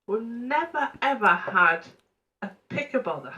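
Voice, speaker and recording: A woman's voice: a little high, big pitch swings, unhurried, pushed and bright, dull audio. A woman co-hosting a casual chat, telling chatty anecdotes. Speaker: co-host.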